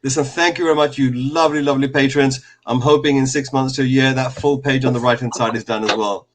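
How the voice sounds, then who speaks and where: A man hosting a casual fan call-in show, relaxed and rambling, with many fillers. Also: mid-range voice, quick pace, noisy background.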